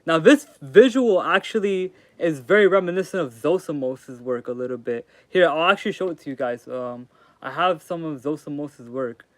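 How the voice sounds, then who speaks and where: A young man is livestreaming, rambling casually in slangy talk as he reads chat aloud and answers it. His voice is fairly high and moves at a moderate pace, and the recording is dry.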